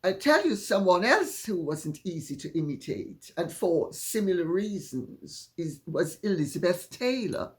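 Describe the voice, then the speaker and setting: A woman with an upper-class Jamaican accent, hosting her own channel and answering viewer questions in a measured, deliberate way. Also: lowish voice, very animated, a little mellow. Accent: Jamaican, Upper Saint Andrew. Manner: deliberate, measured, drawn-out phrasing with frequent laughs. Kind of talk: casual solo talk to camera.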